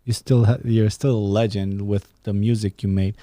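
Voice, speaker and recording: A man's voice: on the low side, fairly even intonation, moderate pace, warm tone, no echo, studio quality. A young man hosting a casual solo podcast, rambling and swearing, laughing at his own jokes. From Romania. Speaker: podcast host. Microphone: studio podcast mic.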